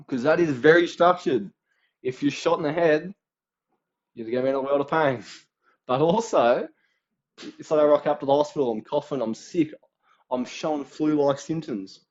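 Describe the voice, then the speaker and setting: A man's voice: on the high side, lively intonation, normal speed, darkish tone, lo-fi sound. A young Australian man in his late teens giving a casual, slangy exam revision rundown, acting out little quoted voices as he goes.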